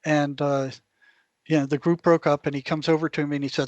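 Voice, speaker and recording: A man sits in as a guest and tells stories with animation, jumping into the voices of the people in them. His voice sits a little high. The sound is dry, with no room around it. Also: a little fast, dry recording. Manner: animated anecdotes, acts out others' lines. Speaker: former clinician. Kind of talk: conversational storytelling.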